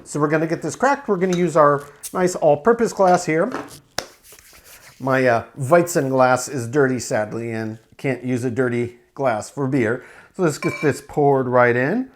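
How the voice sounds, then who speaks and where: A man reviewing a beer to camera in a relaxed, explanatory way, with frequent fillers. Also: mid-range voice, measured pace.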